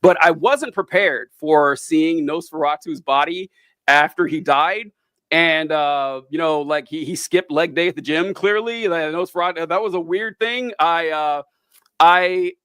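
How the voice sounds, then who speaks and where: Wry and rambling, a young podcast co-host talks casually about a movie and keeps interrupting himself. He speaks at a measured pace in a little high, bright, forceful voice, with no room sound.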